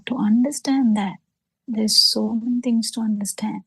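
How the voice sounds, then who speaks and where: A woman giving a Buddhist teaching over a video call, halting, with many pauses and fillers, often falling into soft breathy half-whispers. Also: medium pitch, fairly even intonation, dry recording, poor audio. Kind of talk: slow spoken dharma talk on a video call.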